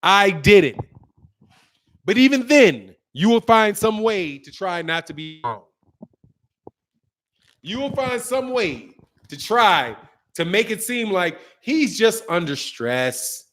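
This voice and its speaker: A man's voice: sits high, very animated, slow, fairly bright tone. A man hosting a boxing channel, giving a slangy, mocking commentary rant.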